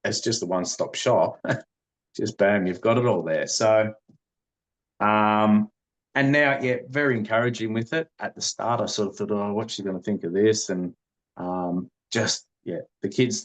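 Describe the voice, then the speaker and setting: Earnest rambling man, low voice. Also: normal speed. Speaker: podcast guest. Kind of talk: conversational interview.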